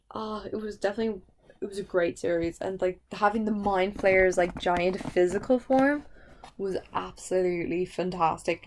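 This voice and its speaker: A woman chatting through her review of a TV season with open feeling, her voice at an ordinary middle pitch. She gushes and frets aloud, with "like" filling almost every pause. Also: a little mellow. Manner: gushing and emotional, heavy use of "like" fillers. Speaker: TV series reviewer. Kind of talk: casual spoken review.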